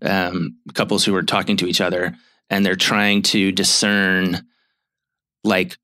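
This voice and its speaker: Low-voiced man explaining therapy ideas. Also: little pitch movement, a little slow, bright, forceful tone, no echo. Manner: thoughtful, explanatory, with frequent fillers and restarts. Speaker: marriage therapist and podcast co-host. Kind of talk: casual chat about relationships.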